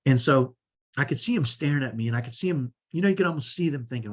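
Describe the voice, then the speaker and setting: A man's voice: mid-range voice, sing-song, fast talker, breathy edge. A man coaching parents, telling a personal story in an earnest, conversational way with many restarts. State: sore shoulder. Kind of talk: teaching talk with personal stories.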